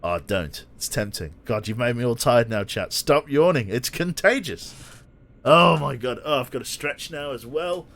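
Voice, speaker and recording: A man's voice: medium pitch, animated, moderate pace, a bit bright. A young British man streaming a train game, chatting playfully and teasing his viewers between yawns. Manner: playful, self-mocking, yawning and laughing at chat. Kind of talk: casual live-stream commentary.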